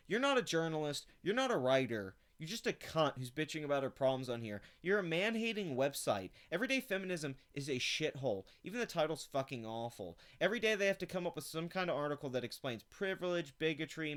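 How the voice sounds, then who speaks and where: A man's voice: on the high side, a bit bright. Profane, ranting male commentary host. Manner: profane, contemptuous, sarcastic. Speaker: channel host. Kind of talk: angry commentary rant.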